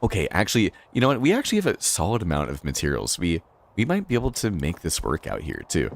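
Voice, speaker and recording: With a low, gravelly voice and huge pitch swings, a man from Boston talks at a quick pace in his Boston accent. He's chatting casually on a live stream while playing a game, rambling, filling pauses, and laughing often.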